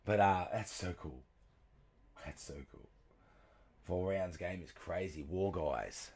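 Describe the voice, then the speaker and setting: A man livestreaming a game, chatting with viewers, greeting them by name, and shouting when excited. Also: deep voice, a little slow, breathy edge. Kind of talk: casual gaming stream commentary.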